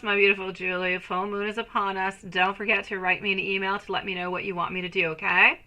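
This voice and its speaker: A woman in her thirties hosts a live tarot reading, rambling warmly between cards and viewer greetings. Her voice is bright and ringing at a middle pitch, and she keeps calling her viewers sweetie and my love. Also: level tone, normal speed, hardly any pauses, poor audio. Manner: chatty, rambling. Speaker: tarot reader.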